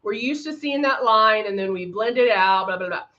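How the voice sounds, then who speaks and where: Hosting a makeup tutorial livestream, a woman greets viewers by name and chats with them between steps, using lots of fillers. She has a medium pitch and moderate pace with a pushed, bright quality, heard through slightly dull audio.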